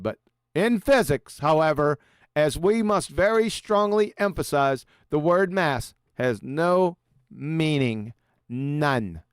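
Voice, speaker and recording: A man's voice: medium pitch, clean tone, no room sound, clean studio sound. A man hosting a live stream discussion, reading quotes aloud and mocking them with sarcastic asides. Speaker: host.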